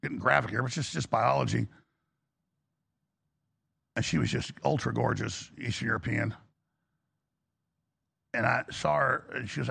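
A man's voice: mid-range voice, normal speed, creaky, long pauses, a bit bright, slightly rough. A middle-aged man hosting a talk show, delivering a rambling, impassioned confessional monologue that rises into preaching.

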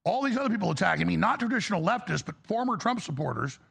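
A man's voice: sits high, very animated, fast talker, fairly bright tone. A male talk show host delivering an angry, exasperated political rant, blunt and profane. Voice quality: gravelly.

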